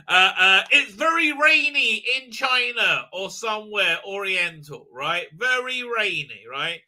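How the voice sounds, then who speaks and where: A man's voice: high-pitched, very animated, moderate pace, hardly any pauses, bright, forceful tone. A man hosting a livestream review, talking in a sarcastic, rambling way with lots of fillers and tag questions. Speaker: host, reviewer.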